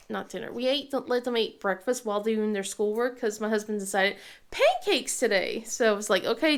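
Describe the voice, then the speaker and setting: Mom in her 30s just chatting to camera, kinda rambly, laughs a lot, voice a bit high. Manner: rambling, many ums and restarts, laughs often. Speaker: craft vlogger and mother. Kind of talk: casual chat.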